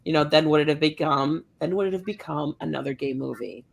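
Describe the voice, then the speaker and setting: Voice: mid-range voice, brisk, creaky. A podcast co-host in a casual panel discussion, making points through rhetorical questions and "you know what I mean". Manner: conversational, argues with rhetorical questions.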